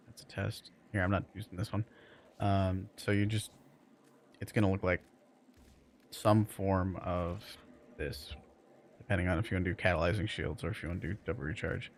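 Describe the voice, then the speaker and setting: A man's voice: sits low, slight background noise. A man streaming a game, chatting loosely with his viewers and rambling with lots of fillers. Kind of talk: casual live-stream chat with viewers.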